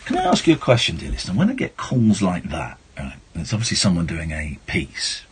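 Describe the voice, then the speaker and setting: A middle-aged man hosting a late-night phone-in radio show, switching from shouty mock outrage to soft reflection. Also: low voice, huge pitch swings, fairly quick, slight background noise. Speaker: radio talk show host.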